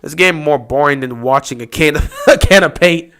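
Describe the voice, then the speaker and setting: A man's voice: mid-range voice, fairly quick, fairly bright tone, clear, resonant tone. A man hosting a casual live stream, talking over a football game and mocking upset fans with whiny impressions.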